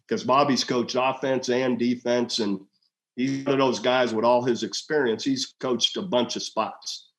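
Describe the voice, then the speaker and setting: A man's voice: mid-range voice, normal speed. A man in his sixties, a former head coach, telling stories in a casual interview and acting out quoted dialogue. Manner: animated storyteller, acts out quoted dialogue in a raised voice.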